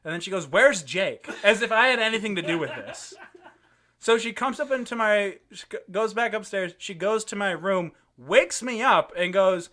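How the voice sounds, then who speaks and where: A man's voice: high voice, moderate pace. A young man, a podcast host, telling a story in casual chat and laughing often as he goes. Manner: animated, laughs often while telling stories.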